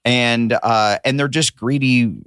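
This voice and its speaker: A man on a podcast as a comedian guest, telling stories in a lively, profane, casual way. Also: medium pitch, slow, clear, resonant tone, dry recording, studio quality. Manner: animated, profane storyteller.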